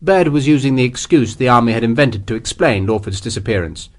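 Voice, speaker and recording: A male audiobook narrator reading a historical tale in a measured storytelling voice. His pitch ranges widely and lends the prose lively shape, with a steady, practised delivery. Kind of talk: scripted narration.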